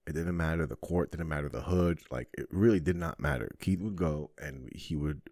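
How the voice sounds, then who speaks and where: A man's voice: a bass voice, moderate pace, darkish tone, no echo, studio quality. A man in his forties from New Jersey, hosting a podcast and telling jokey, profane personal stories in a rambling way. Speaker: podcast host. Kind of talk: personal storytelling monologue.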